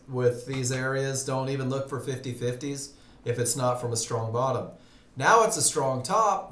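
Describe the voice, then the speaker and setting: Slow-talking man teaching a live trading class. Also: a little high, echoey room. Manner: conversational, asks the audience questions. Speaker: trading instructor. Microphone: computer mic on a live webinar.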